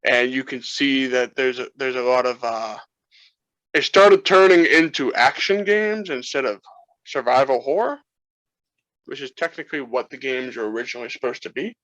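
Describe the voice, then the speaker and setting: A man's voice: medium pitch, normal speed, fairly bright tone, no room sound, dull audio. A man co-hosting a casual film chat, rambling with many restarts as an eager game fan. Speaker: co-host.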